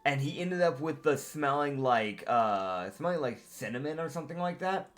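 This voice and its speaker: A man's voice: medium pitch, animated, moderate pace. A young man acting as game master, chatting casually, laughing often and swearing freely. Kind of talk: casual tabletop game chat.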